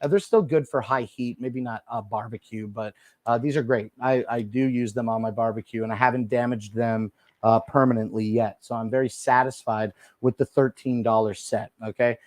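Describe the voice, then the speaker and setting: Through a desk microphone in a small room, with a dry recording, a man runs a casual product showcase livestream. His voice is mid-range, a little mellow and fairly even at normal speed, and he chats loosely with lots of fillers, addressing the audience as dude and bro.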